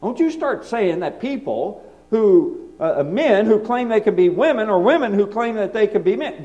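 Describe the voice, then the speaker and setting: A man preaching a sermon, swinging from loud emphasis to quiet, hushed asides. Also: high-pitched, big pitch swings, moderate pace. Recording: dull lo-fi recording.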